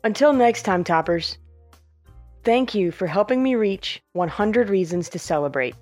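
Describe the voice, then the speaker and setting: A woman's voice: mid-range voice, animated, a little slow, darkish tone, soft background music. Playful woman podcast host. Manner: playful, self-mocking. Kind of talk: scripted podcast outro and blooper chat.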